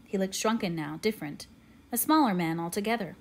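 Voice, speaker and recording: A woman narrating an audiobook in a measured, quiet, steady way. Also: mid-range voice. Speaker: audiobook reader.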